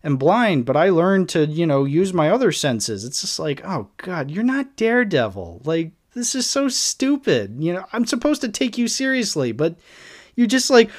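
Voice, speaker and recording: A man's voice: sits high, very animated, measured pace. A young man hosting a casual solo podcast, reviewing a film in an exasperated, sarcastic ramble full of fillers. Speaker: podcast host.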